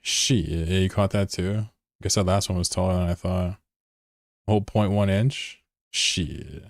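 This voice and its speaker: Man, deep voice, excitable live-stream gamer, profane, chats with viewers, dry sound. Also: a little slow, vocal fry, dry recording. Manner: excitable, swears freely, laughs often; answers chat between gameplay calls. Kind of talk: casual live-stream gaming chat.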